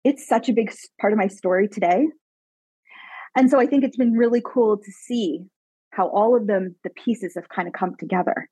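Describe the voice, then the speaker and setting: A woman from Canada, a guest telling her life story in a podcast interview, animated and emphatic, with many casual "like" fillers. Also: medium pitch, normal speed, breathy edge, dry recording, poor audio. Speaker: guest, psychic medium mentor.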